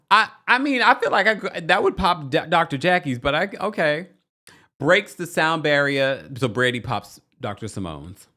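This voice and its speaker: A man's voice: a little high, unhurried. Sassy man recapping reality TV. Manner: sassy, dramatic, animated commentary. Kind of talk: casual commentary reading viewer comments.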